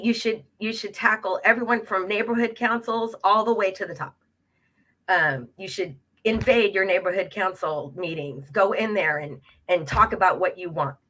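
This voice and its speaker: A woman, a local progressive club president, telling a campaign story casually, with many fillers and acted-out quotes. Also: fairly low pitch. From Los Angeles area, California. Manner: animated, many fillers, acts out quoted exchanges. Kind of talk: casual storytelling on a web talk show.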